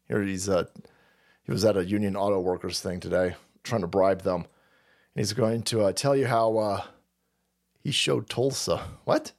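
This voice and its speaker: A man's voice: lowish voice, unhurried, vocal fry, pauses often. A man hosting a stream with a crude, profane political rant, mocking and laughing at his own jokes and muttering asides. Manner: rambling, trails off and mutters asides. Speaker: streamer host.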